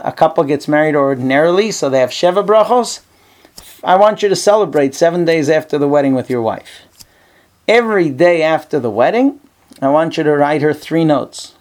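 A man, a rabbi teaching a class in an office, telling a story in a conversational way with many fillers. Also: a little high. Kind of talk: storytelling lecture.

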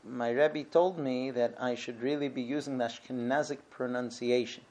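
A middle-aged man teaching a relaxed lesson on Jewish prayer law, talking it through step by step with frequent restarts. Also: mid-range voice, normal speed. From Israel. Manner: conversational, restarts often, explains step by step. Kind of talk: informal Torah lesson.

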